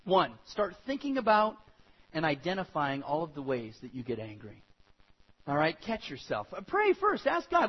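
Man, pastor, sermon, swooping lively delivery, husky, acts out quotes. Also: high-pitched, moderate pace, muffled recording. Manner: animated preaching, acts out quoted voices.

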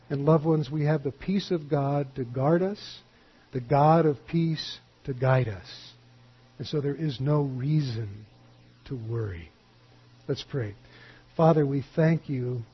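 A man preaching a sermon as a pastor, earnestly, telling stories with animation and dropping to a hushed voice at the close. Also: on the high side, slightly rough, highs cut off.

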